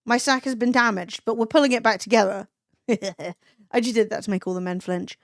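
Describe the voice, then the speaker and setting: A woman in her thirties chatting casually to a live stream, blunt and profane, slipping into lively impressions of herself. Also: on the high side, moderate pace, dry recording, clean studio sound.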